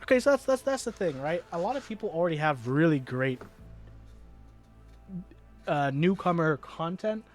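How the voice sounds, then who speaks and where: With faint music behind him, an American streamer whose voice runs on the high side talks at normal speed with lively intonation and frequent pauses. His casual chat wanders, he often starts sentences over, and he reads the chat out loud in reply.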